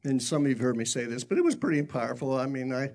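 Middle-aged male pastor, gravelly voice, folksy self-deprecating sermon storyteller, mid pitch. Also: animated, racing, darkish tone.

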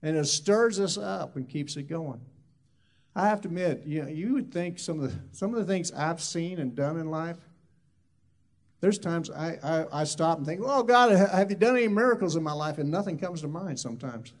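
A man's voice: on the high side, moderate pace, darkish tone. A man who is a minister, telling a loose, rambling testimony story full of asides.

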